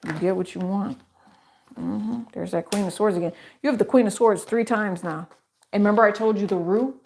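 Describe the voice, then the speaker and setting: A woman's voice: mid-range voice, normal speed, darkish tone, slight background noise. Chatty, emphatic woman giving a tarot reading. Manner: chatty and emphatic, repeats phrases and asks rhetorical questions. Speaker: tarot reader. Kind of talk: solo tarot reading to camera.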